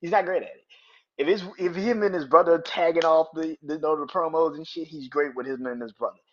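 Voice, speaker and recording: A man's voice: fairly high pitch, a little fast. A man hosting a wrestling podcast, ranting in a heated, profane, emphatic way. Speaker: podcast host. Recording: dull lo-fi audio.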